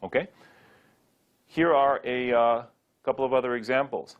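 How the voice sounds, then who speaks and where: A man giving a Sanskrit pronunciation lesson, drilling words slowly and repeating them, with playful rhetorical questions. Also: mid-range voice, narrow, tinny audio. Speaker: Sanskrit teacher.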